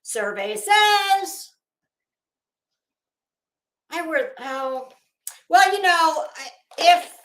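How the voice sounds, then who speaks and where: Female livestream host, chatty and rambling, bright tone, echoey home room. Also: very high voice, animated, very slow, long pauses. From Florida. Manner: chatty, greets viewers by name, rambling asides. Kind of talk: casual livestream chat.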